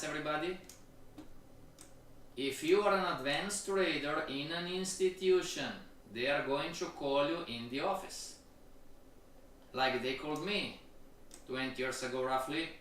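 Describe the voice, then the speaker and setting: A man gives a live-stream trading lecture, repeating points slowly and checking in with his listeners. His slightly high voice sounds distant in a very echoey room. Faint noise sits behind him. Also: a bit bright. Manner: keeps checking in with the audience; slow, repetitive delivery. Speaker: trading instructor.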